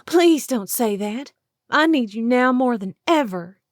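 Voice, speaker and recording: A woman voicing a frantic young wife who pleads in a squeaky voice, as an audiobook character. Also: expressive, unhurried, no echo, studio quality. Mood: desperate. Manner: pleading, breathless.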